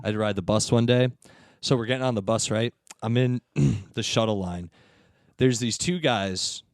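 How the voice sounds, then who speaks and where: A man's voice: normal speed, dry recording, clean studio sound. A man hosting a podcast, telling a story in a casual chat and acting out the people in it with big jumps in his voice. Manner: animated storyteller, acts out quoted people with big pitch jumps. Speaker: podcast host.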